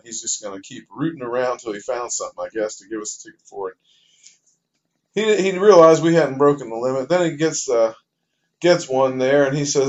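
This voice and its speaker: A man's voice: a little high, a little mellow. A man casually telling a joke as a personal anecdote, folksy and rambling with fillers. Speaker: storyteller. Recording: dull lo-fi recording.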